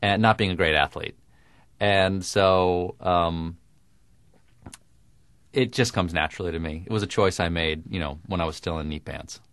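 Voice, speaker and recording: A man with crisp, precise diction, talking in a dry, self-mocking way as a guest in a radio interview. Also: low voice, fairly even intonation, moderate pace, long pauses, a bit bright, dry recording. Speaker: guest comedian.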